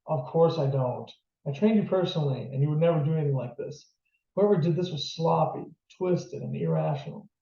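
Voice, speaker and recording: Man reading as a calm, authoritative police captain, storybook reading, gravelly, echoey distant room. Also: a little high, a little fast. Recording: distant, roomy, dull lo-fi.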